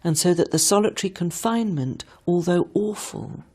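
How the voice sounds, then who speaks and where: A woman reflecting slowly and thoughtfully as a psychologist in an interview. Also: lowish voice, darkish tone, breathy edge. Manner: slow, thoughtful.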